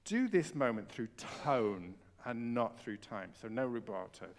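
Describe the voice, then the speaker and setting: A man leading a piano masterclass on a concert hall stage, coaching a student with expressive enthusiasm. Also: medium pitch, measured pace, slight background noise. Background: piano playing.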